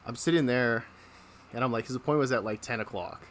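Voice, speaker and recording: A man's voice: medium pitch, quick pace, a little hiss or hum. A man hosting a podcast, telling casual stories, laughing often and acting out the people in them. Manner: acts out the people in his stories. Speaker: podcast host. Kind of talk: casual storytelling.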